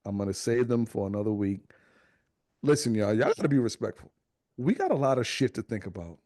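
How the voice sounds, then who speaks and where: A man's voice: brisk, no echo, studio quality. A young adult man on a podcast telling a family story casually, swearing freely and acting out the voices of the people in it. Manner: animated storyteller, acts out quotes in high voices, swears freely. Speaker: podcast co-host.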